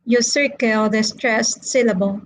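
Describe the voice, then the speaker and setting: A woman with a slightly high voice leads a live-streamed online English class, heard on a low-quality recording. Patient and slow, she checks in with students again and again, saying okay and right often.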